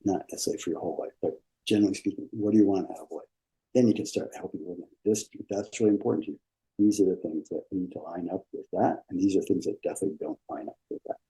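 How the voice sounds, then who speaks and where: A man's voice: low-pitched, fast talker, dark tone, poor audio. A man, a dentist and business coach, talking as a podcast guest in a rambling, repetitive, encouraging way. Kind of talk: casual interview conversation.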